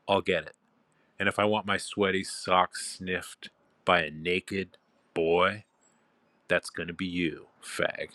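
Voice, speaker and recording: A man's voice: sits low, sharp tone, dry recording, studio quality. A man talking casually outdoors in a park, laid-back and drawling with fillers, then turning commanding and domineering toward his listeners. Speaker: online dominant addressing followers. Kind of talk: casual spoken monologue.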